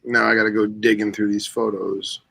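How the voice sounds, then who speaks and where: Gravelly guy cohosting a chill podcast, tells stories and does the voices. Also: on the low side, level tone, brisk, a bit bright. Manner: storytelling, acts out quotes. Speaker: podcast co-host. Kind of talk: casual chat.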